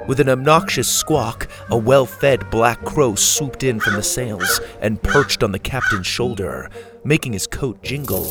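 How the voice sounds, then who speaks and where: A man narrating a children's adventure story in a slow, expressive way. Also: mid-range voice.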